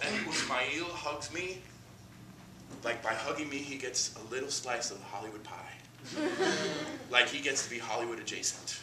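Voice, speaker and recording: A man from Miami performing an animated, self-mocking comic monologue on a theater stage. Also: medium pitch, normal speed, pauses often, far from the mic. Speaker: solo performer. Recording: roomy stage taped from afar, noisy.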